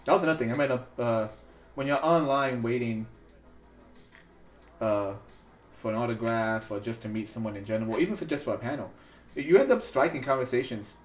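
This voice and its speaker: Chatting casually while he works, a man hosts a sculpting livestream from his home studio in New York, rambling with lots of fillers and restarts. His medium-pitched voice runs a little fast but includes long pauses. Faint music plays behind him, and the room has an echoey feel.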